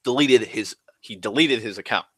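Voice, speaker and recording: A young man rambling through a casual vlog monologue, restless and full of restarts, swearing freely and swinging between loud and soft. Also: medium pitch, moderate pace, slightly rough, no echo. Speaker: vlogger.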